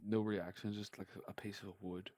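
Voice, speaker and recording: A man's voice: on the low side, little pitch movement, moderate pace, noisy background. A man hosting a reaction video, bluntly and profanely criticizing what he is watching. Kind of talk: casual reaction commentary.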